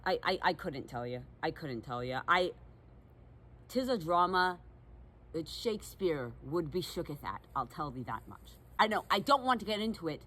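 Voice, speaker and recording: Woman acting as a self-important milkmaid, fae now, mock-olde speech, huffy, swooping lively pitch. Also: normal speed, heavily acted. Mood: indignant. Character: bossy young female milkmaid turned fae, dramatic. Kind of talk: one-sided comedic sketch.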